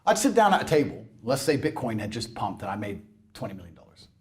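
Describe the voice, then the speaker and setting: A man in a heated interview, ranting in a brash, mocking way, swinging between loud outbursts and low mutters. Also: big pitch swings, fast. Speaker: interview guest. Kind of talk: heated rant.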